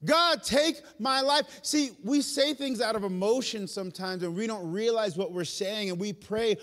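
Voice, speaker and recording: A male pastor with a high-pitched voice delivers a passionate sermon. He moves between loud, urgent peaks and hushed, intimate asides, speaking prayers and God's answers in the first person. His voice rings through the long reverb of a large church hall. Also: moderate pace. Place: church sanctuary.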